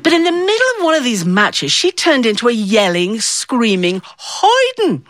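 Woman, animated storyteller, higher voice with wide swings, dry close sound. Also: normal speed, no room sound. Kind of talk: live storytelling performance.

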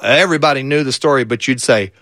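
A man's voice: medium pitch, fast, a bit bright, no room sound. A man from Kentucky, performing folk tales with a wry, folksy delivery. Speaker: storyteller.

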